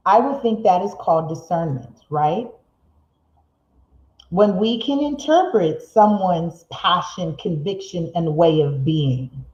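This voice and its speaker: A middle-aged woman with a lowish voice hosts a live-streamed motivational show, seated indoors in a room. She speeds up when excited, slows down to make a point, reads viewer comments aloud, and laughs often, all captured in roomy, slightly dull stream audio.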